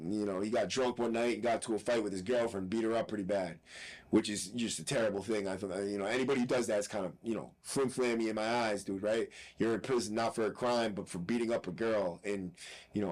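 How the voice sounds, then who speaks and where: A man's voice: mid-range voice, poor audio. A man recounts a story on his podcast in a casual, blunt way. He swears freely and keeps checking in with asides, his voice sitting in an ordinary middle register. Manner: profane, blunt, with frequent "right?" asides. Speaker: podcast host.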